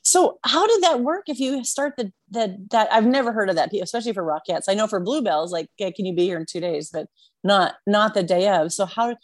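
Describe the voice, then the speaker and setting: A woman's voice: mid-range voice, brisk. A woman interviewing a guest in casual chat, reacting with frequent amazed exclamations. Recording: dry close sound.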